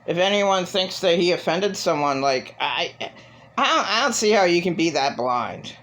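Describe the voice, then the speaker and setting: A woman's voice: on the low side, expressive, normal speed, fairly bright tone. A woman vlogging in a rambling, profane monologue, venting with raw emotion. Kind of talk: casual monologue.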